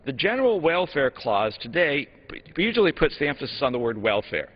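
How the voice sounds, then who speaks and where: A man, a congressman, giving a measured floor speech full of historical examples in a legislative chamber. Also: medium pitch, big pitch swings, breathy edge. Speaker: congressman from Utah. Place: House chamber. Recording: dull broadcast audio in a long-reverb chamber.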